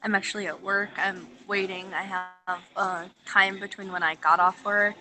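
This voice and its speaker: Female caller, bright voice, measured and careful, some fillers. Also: medium pitch, steady tone, poor audio. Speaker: caller on a livestream. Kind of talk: casual call-in discussion.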